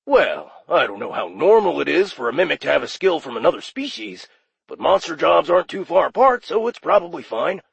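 Guy doing a raspy demon call-center guy, higher voice, super lively pitch, dry close sound. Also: a little fast, dry recording, muffled recording, exaggerated voice. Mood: chummy. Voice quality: raspy, gravelly. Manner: chummy, breezy customer-service patter. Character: friendly raspy male demon phone operator. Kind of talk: audiobook character voice.

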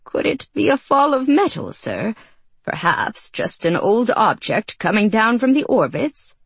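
Woman doing a storybook manservant, high and light, polite, amused, unflappable. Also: sing-song, measured pace, vocal fry, a bit bright, breathy edge, dry recording, heavily acted. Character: cheerful, unflappable male servant, amused by his master.

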